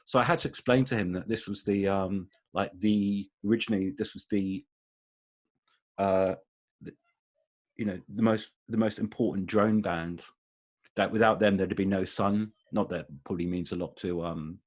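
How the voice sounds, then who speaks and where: A man's voice: low voice, fairly even intonation, moderate pace, darkish tone. A man co-hosting a music podcast over a video call, chatting casually about bands and trailing off into fillers and restarts. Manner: rambling, many fillers and restarts. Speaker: podcast co-host, music journalist.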